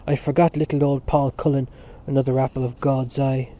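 A man's voice: mid-range voice, flat delivery, a little fast, mellow, natural voice. A man playing a scornful, blustering middle-aged father. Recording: dull lo-fi recording.

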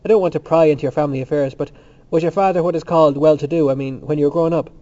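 A man voicing a calm, blunt young man who keeps asking his friend questions, read in a slightly raised voice. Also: on the high side, very fast, dull audio, close to an everyday voice. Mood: probing.

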